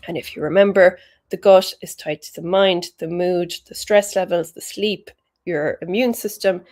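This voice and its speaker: A woman's voice: on the low side, fairly even intonation, normal speed, a little mellow. Chatty woman giving health tips. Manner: chatty and encouraging, with British slang. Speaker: health educator. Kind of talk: informal health talk.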